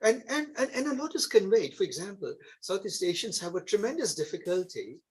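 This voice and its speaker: A man with an Indian accent gives a classroom lecture. His voice sits fairly high and sounds husky. He explains step by step and keeps checking in with the class through short tag questions. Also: very animated, fairly quick, low-quality recording. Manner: explanatory, frequent tag questions like "isn't it?" and "right?". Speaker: instructor.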